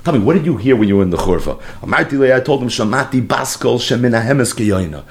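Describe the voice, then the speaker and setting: A man's voice: mid-range voice, fast talker. A man teaching a Talmud lesson as a story, acting out the quoted speech and mixing Hebrew and Yiddish terms into his English. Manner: lively storyteller who acts out quoted speech. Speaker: Torah teacher.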